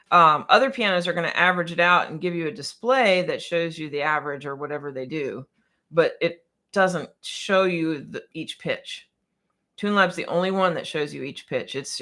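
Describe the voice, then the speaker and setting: A woman's voice: deep voice, creaky, fairly bright tone. Woman piano tech doing a live q&a, rambly and chatty, laughs a lot, loses her train of thought. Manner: chatty and scattered, with many restarts and bursts of laughter. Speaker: piano technician answering livestream questions. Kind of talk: casual livestream Q&A.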